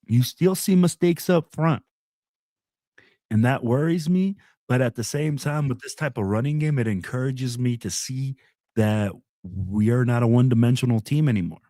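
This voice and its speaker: A man as a guest on a sports podcast, talking excitedly and emphatically in casual chat. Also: medium pitch, normal speed, dry recording, studio quality. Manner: excitable, emphatic, calls the host "bro".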